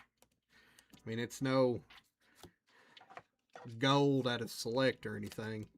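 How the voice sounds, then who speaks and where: A man's voice: medium pitch, fairly even intonation, slow, gravelly, slight background noise. A man hosting a trading card break livestream, chatting casually with viewers and reading out the cards he pulls. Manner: chatty, reads out cards and talks to chat.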